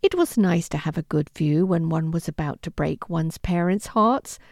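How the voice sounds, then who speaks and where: A woman narrating a historical romance audiobook in an expressive storytelling manner. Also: deep voice, normal speed, creaky, no room sound, clean studio sound. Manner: expressive, with lively intonation.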